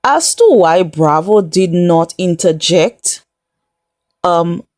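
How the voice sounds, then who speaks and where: A woman's voice: fairly low pitch, expressive, slow, darkish tone, no room sound, clean studio sound. A woman giving a casual recap of a reality show, chatty and incredulous, laughing often as she tells it. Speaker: recap vlogger.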